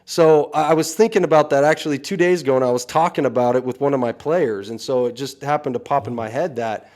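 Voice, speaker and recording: A man's voice: medium pitch, fast, darkish tone. A man, a coach, talking earnestly and frankly in a casual podcast chat, often saying "you know".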